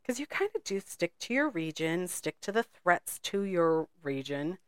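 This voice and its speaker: A woman co-hosting a podcast in casual chat, talkative and quick to laugh, wandering off into side notes. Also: lowish voice, big pitch swings, dry recording, clean studio sound. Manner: chatty, laughs often, goes off on side notes. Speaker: podcast co-host.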